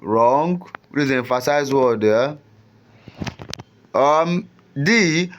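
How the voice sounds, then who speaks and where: A man's voice: fairly high pitch, animated, slow, fairly bright tone. A young man tutoring exam students in a casual, repetitive way, often checking in with "you understand?".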